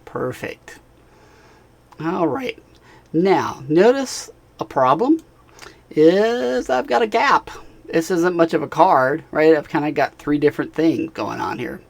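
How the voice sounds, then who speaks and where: A man narrating a software tutorial screencast, talking casually as he clicks through steps and checking in with the viewer. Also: on the high side, lively intonation, takes it slowly, vocal fry. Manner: casual, talks while clicking, frequent "all right" and "right?". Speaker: instructor.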